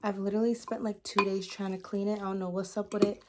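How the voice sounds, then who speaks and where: A woman's voice: medium pitch, little pitch movement, fast, heavy background noise. A woman chatting casually to her viewers while eating on camera, drawing words out between bites, with her ear clogged and her hearing a little off. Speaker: mukbang vlogger. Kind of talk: casual mukbang chat to camera.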